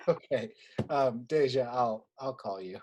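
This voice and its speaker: A woman's voice: rumbling low, expressive, takes it slowly, noisy background, exaggerated voice. An actress playing a hesitant, dry young man in a staged reading over a video call. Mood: awkward, needling. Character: awkward young man, mild and sarcastic.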